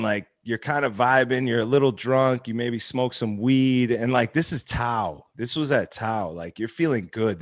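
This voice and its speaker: A man's voice: mid-range voice, no room sound. A man hosting a casual podcast, with a mid-range voice recorded close and dry. He tells club stories bluntly and swears freely as he goes. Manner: blunt, profane storytelling.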